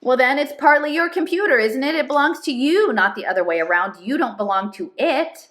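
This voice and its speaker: A woman's voice: medium pitch, a little fast, a bit bright, lightly acted. A woman reading aloud as an intense older man urging a boy, urgent and coaxing.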